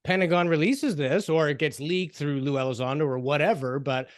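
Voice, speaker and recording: A man's voice: fairly high pitch, brisk, dry recording. Supportive male podcast host, dry sound. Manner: relaxed, supportive, says "you know" and "like". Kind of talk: interview questions.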